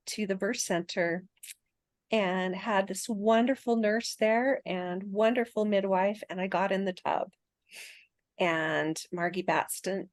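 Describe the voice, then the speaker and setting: A woman's voice: mid-range voice, no echo. Woman, 60s, podcast guest; chatty storyteller, laughs often, dry recording. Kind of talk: casual birth story telling.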